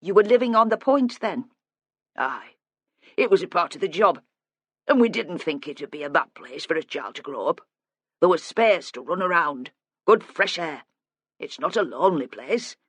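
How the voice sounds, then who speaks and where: An audiobook narrator voicing a quiet, guilt-ridden older father who speaks hesitantly and plainly. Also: mid-range voice, lively intonation, moderate pace, dry recording. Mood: reminiscing. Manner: subdued, hesitant, plain-spoken.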